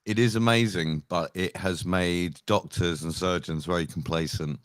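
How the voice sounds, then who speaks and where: A man's voice: low voice, normal speed, clear, resonant tone, no room sound, studio quality. A man in casual chat, blunt and sweary, ranting about hospital treatment. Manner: blunt, sweary, expressive ranter. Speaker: protester chatting.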